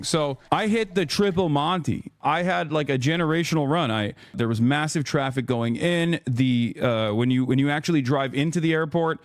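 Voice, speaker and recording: A man's voice: medium pitch, a little fast, dry recording, clean studio sound. A man telling a travel mishap story in casual, self-mocking storytelling.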